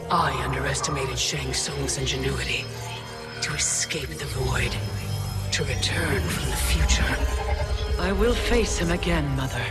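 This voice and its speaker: An actor playing a noble royal warrior in a video game, speaking formally and earnestly. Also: male voice, medium pitch, a little slow, loud music behind the voice, close to an everyday voice. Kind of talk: video game cutscene voice acting.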